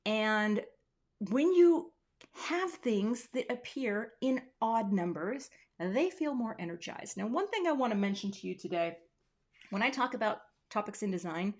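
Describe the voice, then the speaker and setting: A woman's voice: a little high, expressive, measured pace, a little mellow. A woman hosting a casual live crafting tutorial from her home craft room on a webcam, chatty and playful, with self-deprecating asides. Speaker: craft teacher hosting a livestream.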